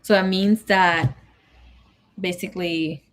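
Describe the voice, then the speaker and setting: A woman's voice: on the low side, fairly even intonation, takes it slowly. A woman tarot reader chatting casually on a live stream. She reads viewer comments aloud and drops Spanish words into her English. She sounds emotional and grieving.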